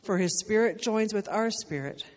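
A woman reads scripture aloud at a measured, steady pace, her voice at an everyday middle pitch. Her words carry the long reverb of a church sanctuary. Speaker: scripture reader.

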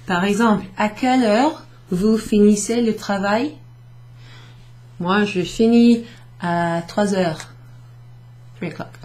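Taking it slowly with long pauses, a French teacher from Wales talks beginners through a casual recorded summary lesson in a mid-range, darkish voice. She corrects herself as she writes on a board, switches between French and English, and laughs lightly.

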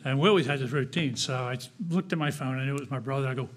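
A man speaking from the pulpit of a church, telling his own story. He talks in a plain, conversational way, pausing often with small fillers. His voice sits at an ordinary middle pitch. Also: steady tone. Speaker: guest speaker. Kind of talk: personal testimony sermon.

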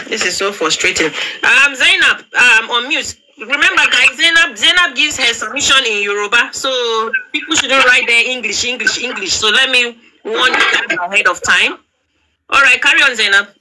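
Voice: medium pitch, lively intonation. Exasperated live panel host over heavy noise. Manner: brisk, exasperated moderator. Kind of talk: moderating a live-stream panel. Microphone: phone on a live video panel. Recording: noisy live-stream audio.

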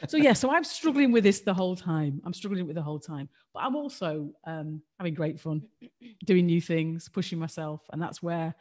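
A woman's voice: on the low side, moderate pace, darkish tone. Frank, rambling woman on a livestream. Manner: self-deprecating, rambling and frank. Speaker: co-host. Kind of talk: candid livestream chat. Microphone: video call.

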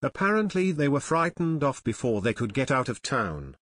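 A man's voice: mid-range voice, big pitch swings, normal speed, a bit bright, no echo. A man reading the part of an eager teenage boy detective in an audiobook.

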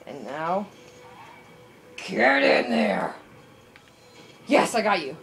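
A woman giving casual, excitable commentary over her own gameplay, yelping, shouting and swearing at the screen. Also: medium pitch, slow pace, creaky, pauses often, over music. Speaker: let's play gamer.

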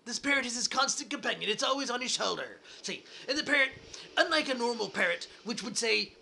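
High, gravelly man doing hammy pirate talk. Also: brisk, pushed and bright. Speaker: podcast host. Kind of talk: pirate-voiced joke telling.

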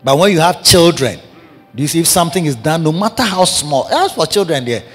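A man with a Ghanaian English accent, a bishop preaching a sermon in animated, repetitive bursts, calling out to his congregation. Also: a little high, fairly quick, husky, faint music behind. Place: large church hall. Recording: church hall reverb with congregation.

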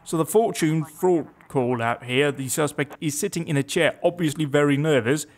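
Young male gamer, casual wry commentary, voice sits a bit high. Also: normal speed. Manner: chatty, reads game text aloud with wry asides. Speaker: let's play gamer.

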